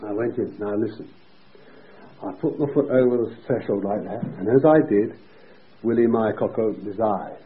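A preacher telling a story in his sermon, acting out the voices and moving between hushed and loud delivery. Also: on the low side, a little fast. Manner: vivid, acts out quoted voices, swings between hushed and shouting. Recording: lo-fi phone-like recording.

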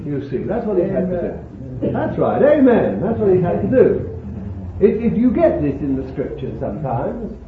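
A man's voice: high-pitched, slight background noise. A man preaching a sermon to a congregation, emphatic and exclaiming, breaking into chuckles. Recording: tinny phone-like old sermon tape, echoey hall.

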